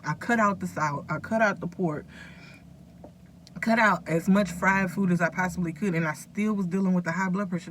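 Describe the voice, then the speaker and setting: A woman's voice: lowish voice, expressive, moderate pace, a little hiss or hum. A woman vlogger talking casually and earnestly to her viewers, rambling a little as she gives them advice. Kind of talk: casual direct-to-camera talk.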